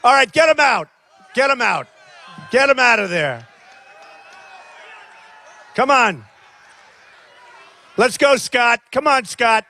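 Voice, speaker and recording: A man's voice: very high voice, expressive, slow, long pauses, bright, forceful tone. Older man rambling at a rally. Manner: rambling, repetitive, talks straight to the crowd. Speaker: political candidate. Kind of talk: campaign rally speech. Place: large rally crowd by a plane.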